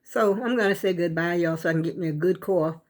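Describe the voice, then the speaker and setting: An older woman rambles in a folksy, chatty way, speaking straight to the people watching. Her voice sits low, and a scratchy throat roughens it and keeps breaking into coughs. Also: fast talker, darkish tone. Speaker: vlogger. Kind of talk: casual chat to viewers.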